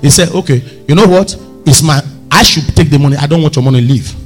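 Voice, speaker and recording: A man preaching a sermon, telling stories with lively swings and sudden shouts. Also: fairly high pitch, fast talker, soft background music. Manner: animated, storytelling, bursts into shouts. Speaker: pastor.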